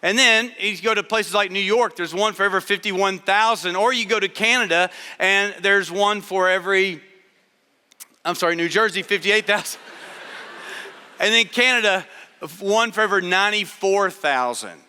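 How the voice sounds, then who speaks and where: A middle-aged man gives a storytelling sermon in a large chapel hall, humorous and conversational in manner. His voice is high-pitched, bright, forceful, clear, and resonant at a moderate pace, with long hall reverb in the recording.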